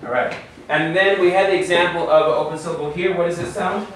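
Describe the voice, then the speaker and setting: A man's voice: fairly high pitch, steady tone, fast, fairly bright tone. A man teaching a Hebrew lesson patiently, drilling the class and checking in with frequent questions. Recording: echoey room from far off, faint hum.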